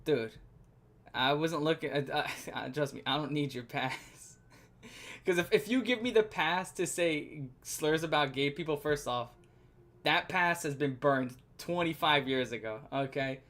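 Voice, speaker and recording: A man's voice: on the high side, unhurried. Profane, ranting streamer man. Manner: profane, excitable ranting with bursts of laughter. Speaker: streamer reacting to an album. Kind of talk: live music reaction stream.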